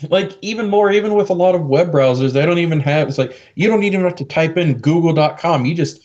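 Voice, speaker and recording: A man's voice: a little high, fast, a little mellow, lo-fi sound. A young man co-hosting a casual podcast, laid-back, swearing and saying "like" a lot. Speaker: podcast co-host. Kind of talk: casual chat.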